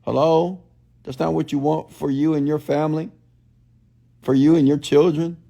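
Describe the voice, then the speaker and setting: A man speaks in a blunt, preachy motivational style, repeating questions like a preacher working a crowd. His voice is gravelly with a fry at the edges, and the tone sits dark and mellow. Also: fairly high pitch, little pitch movement, normal speed, dull audio. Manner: preachy, repetitive call-and-response questions; blunt, scolding. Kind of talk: motivational livestream talk.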